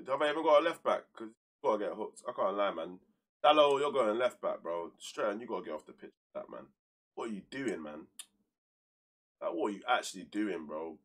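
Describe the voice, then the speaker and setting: A man's voice: on the low side, a bit bright. A young man, casually commentating his football manager game on a live stream, full of slang, flaring into heated outbursts and then dropping to mutters.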